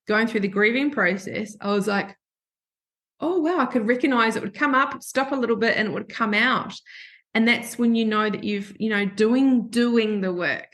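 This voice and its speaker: A woman's voice: on the high side, fairly bright tone. A woman hosting a podcast, telling a candid personal story in a chatty, emotional way and acting out what people said. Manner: chatty and emotional, acts out quoted voices. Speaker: podcast host.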